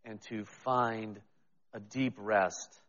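A man's voice: lowish voice, fairly even intonation, takes it slowly, a bit bright, long reverb tail, highs cut off. A man preaching a sermon as pastor, talking in a conversational, self-deprecating way with frequent restarts.

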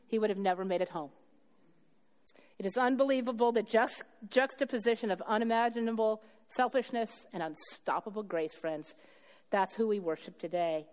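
A woman pastor delivering a sermon, retelling a story with acted dialogue and questions to her congregation. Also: medium pitch. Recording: long hall reverb.

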